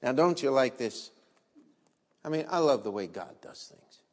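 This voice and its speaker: A pastor with a mid-range, animated voice speaks a little slowly as he tells a story vividly in his sermon and asks the congregation rhetorical questions. There is long reverb from a large hall.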